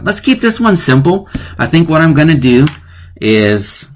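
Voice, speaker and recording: A man's voice: fairly high pitch, sing-song, a little slow, a little hiss or hum. A man hosting a live-streamed lesson on wordplay, chatty and playful, often laughing at his own jokes. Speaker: teacher hosting a live online class.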